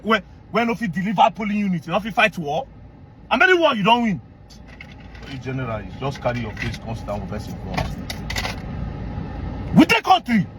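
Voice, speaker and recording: A man with a Nigerian accent rants as a commentary host in a high, swooping voice. He is indignant and repetitive, and he bursts into shouting. Faint noise sits underneath. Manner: animated, indignant, repeats phrases, bursts into shouting. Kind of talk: heated commentary rant.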